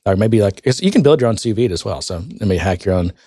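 A man co-hosting a casual podcast, thinking out loud with lots of fillers and restarts. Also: on the low side, expressive, quick pace, husky, no room sound, clean studio sound. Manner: thinks aloud, rambling with many fillers. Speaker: podcast co-host. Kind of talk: casual tech podcast chat.

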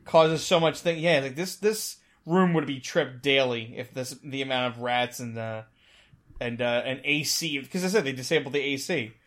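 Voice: mid-range voice, normal speed, fairly bright tone. Participant, mid voice, hesitant and trailing, casual chat.

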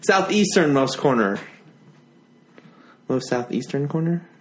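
Joking young man with lively pitch. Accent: slight New Jersey/New York tinge. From Florida. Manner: joking, rambling, quick self-corrections. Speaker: podcast host. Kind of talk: casual chat.

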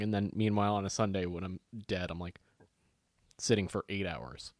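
A man's voice: sits low, steady tone, moderate pace, dry recording, clean studio sound. A man, co-hosting a casual chat and telling stories animatedly, swearing freely and acting out other people's lines.

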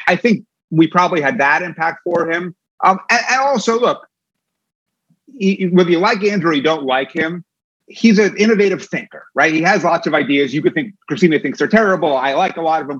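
A man being interviewed, talking fast with frequent restarts and fillers. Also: mid-range voice, fairly bright tone, no room sound, lo-fi sound. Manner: quick, with many restarts. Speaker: guest, former campaign manager.

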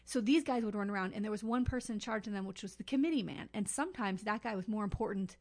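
A woman's voice: mid-range voice, fast talker, darkish tone. A woman co-hosting a podcast, telling a story in a chatty way with lots of fillers and asides. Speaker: podcast co-host. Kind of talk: casual podcast chat.

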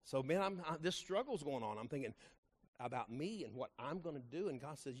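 A middle-aged man, a pastor telling a folksy story in his sermon and driving it to loud, emphatic peaks. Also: medium pitch, lively intonation, a little fast, husky.

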